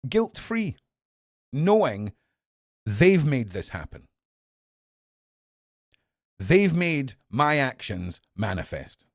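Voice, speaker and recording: A man in his forties rants on his podcast, heated and profane. He drops to a mutter, then bursts into shouts. His voice is mid-pitched and sits close on a dry microphone. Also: big pitch swings, slow, pauses often, no echo. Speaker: podcast host. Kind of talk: angry opinion monologue.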